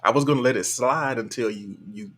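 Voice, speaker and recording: A man's voice: mid-range voice, brisk, fairly bright tone. A man hosting a casual live stream, reading viewer comments aloud in a laid-back, colloquial way and chuckling often. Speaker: livestream host.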